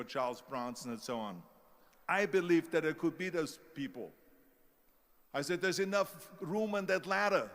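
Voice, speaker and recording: An older motivational speaker with an Austrian German accent and a fairly high, fairly bright voice tells his story, imitating those who doubted him. The sound has a long hall reverb.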